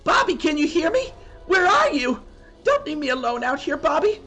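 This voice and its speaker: High squeaky scared camper kid, whiny and jittery, voice swinging all over. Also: male voice, sing-song, normal speed, pushed and bright, full character voice. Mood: frightened. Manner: whiny, fearful. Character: timid jittery young camper boy.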